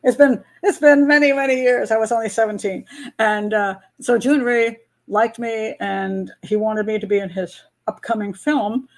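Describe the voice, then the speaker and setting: A woman's voice: on the high side, fairly even intonation, normal speed. An older American woman hosting a live patron hangout, chatting casually, laughing often and rambling through restarts. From United States. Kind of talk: casual live-stream chat.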